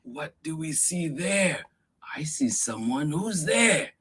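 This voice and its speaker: A man reading a picture book aloud to young children, full of gasps, exclamations and questions for his little listeners. His voice is husky and swoops up and down with lively pitch, and he takes everything at a very slow, drawn-out pace. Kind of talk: animated read-aloud for kids.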